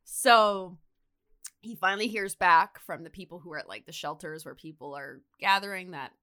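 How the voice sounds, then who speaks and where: A woman's voice: fairly low pitch, normal speed, clean tone. A woman co-hosting a podcast, casually retelling a TV episode and acting out the characters as she goes. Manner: animated storyteller, acts out characters. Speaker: podcast co-host.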